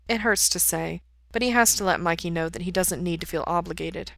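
A woman reading fan fiction aloud in steady, even narration. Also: on the low side, normal speed, dry recording. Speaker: reader.

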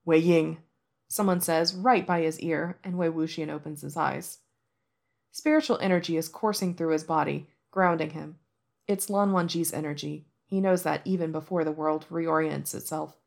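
A woman narrating a fan-fiction audiobook in a soft, measured storytelling manner. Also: sits low, creaky.

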